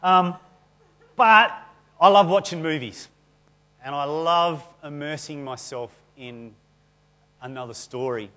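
A man's voice: a little high, slow pace, pauses often, pushed and bright. A male pastor giving a conversational, self-deprecating sermon in a church.

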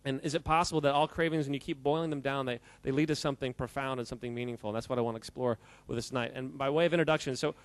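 A man giving an animated, jokey talk to a live audience, quizzing the crowd and often laughing. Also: medium pitch, rapid-fire, few pauses. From United States. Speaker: speaker addressing a live audience. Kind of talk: lively audience-interactive talk.

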